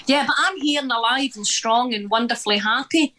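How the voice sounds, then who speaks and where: A middle-aged woman with a Scottish accent, a guest telling stories in an interview in a blunt, sweary, animated way, acting out the people she quotes. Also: a little high, brisk. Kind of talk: candid conversational storytelling.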